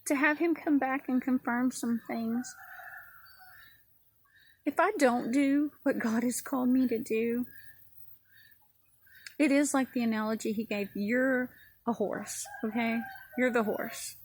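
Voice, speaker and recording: A woman's voice: fairly high pitch, fairly even intonation, slow, pauses often, breathy edge, low-quality recording. A woman giving a personal testimony sermon in an earnest, repetitive preaching cadence. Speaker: ministry speaker.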